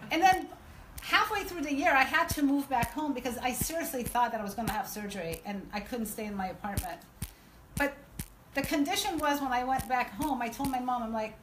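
A woman with a high voice tells her own story as a podcast guest. She talks casually and acts out the people in it with a lively delivery. Faint background noise sits under her voice. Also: a little fast, low-quality recording. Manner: lively, acts out quoted dialogue.

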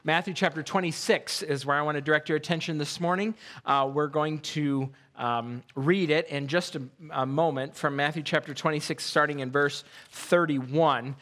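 Pastor guy preaching in church, high bright voice, gets animated telling stories. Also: moderate pace, hardly any pauses. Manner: animated storytelling, voices jokes with rising pitch. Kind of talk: sermon. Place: church sanctuary.

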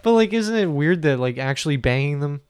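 A man's voice: a little high, animated, brisk, darkish tone, clear, resonant tone. A man co-hosting a podcast in loose, crude, laughing casual banter. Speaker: podcast co-host. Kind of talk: casual chat.

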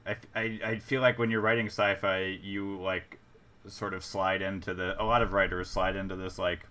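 A man on a casual podcast who muses out loud in a measured way, often trailing off. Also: low-pitched, little pitch movement.

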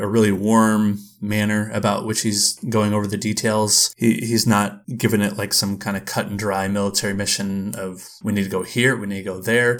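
A man's voice: lowish voice, a bit bright. A man co-hosting a podcast, chatting casually about a movie scene, laughing often and acting out lines from it. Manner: rambling, laughs often, acts out quoted lines. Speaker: podcast co-host. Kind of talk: casual film commentary.

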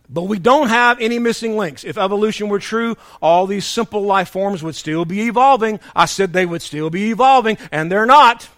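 A man preaching a sermon, emphatic and humorous, swinging between shouting and hushed tones as he tells stories. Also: high-pitched, normal speed, hardly any pauses, no echo, studio quality. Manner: storytelling with humor.

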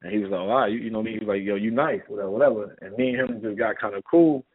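A middle-aged former basketball player with a New York accent tells stories as a guest in a casual interview, animatedly acting out the dialogue. His voice is on the low side, fast, with a breathy edge, and it comes through a tinny, phone-like line.

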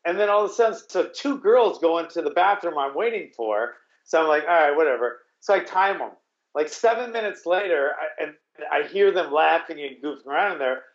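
A man tells a casual story, rambling and restarting, with blunt curse words here and there. His voice sits a little high for a man. The sound is roomy and a bit dull. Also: animated, fairly quick. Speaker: guest telling a story.

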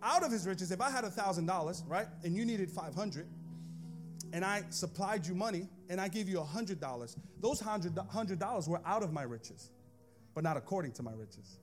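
A man preaching a sermon in church, moving between chatty asides to the congregation and sing-song, shouted cadences. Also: high-pitched, expressive, normal speed, music in the background. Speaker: pastor.

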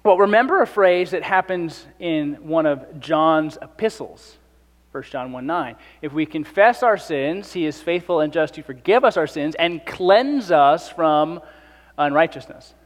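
High-voiced man preaching in a hall. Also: expressive, measured pace. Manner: conversational, acts out the speakers in the passage. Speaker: pastor. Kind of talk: sermon.

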